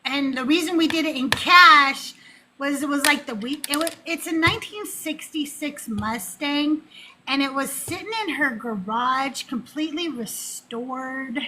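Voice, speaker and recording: A woman's voice: high-pitched, a little slow, background noise. A woman hosting a call-in talk show, chatting casually and bluntly, laughing often. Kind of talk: casual chat.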